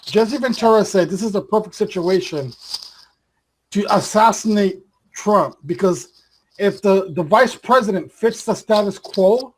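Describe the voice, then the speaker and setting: A man's voice: sits high, measured pace, a little hiss or hum, rough recording. A man hosting a rowdy web talk show who teases his guests and tries to keep order. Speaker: host. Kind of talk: casual chat hosting.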